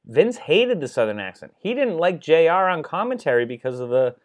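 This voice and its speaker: Male podcast co-host, lively pitch, slightly higher voice, casual swearing banter. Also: brisk. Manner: animated, swearing, acts out quotes. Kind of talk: casual chat.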